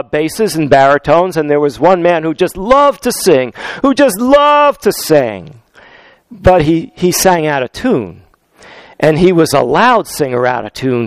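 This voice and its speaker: A man preaching a sermon in a church, unhurried and talking straight to his congregation, repeating key phrases for emphasis. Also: a little high, clear, resonant tone, no echo. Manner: addresses congregation directly.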